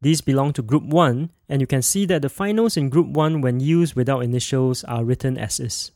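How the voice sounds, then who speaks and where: Male podcast teacher, mid-pitched, patient and precise, dry close-mic sound. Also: a little mellow, no room sound. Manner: slow, clear modeling of sounds for repetition. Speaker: language teacher and podcast host. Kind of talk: scripted podcast language lesson.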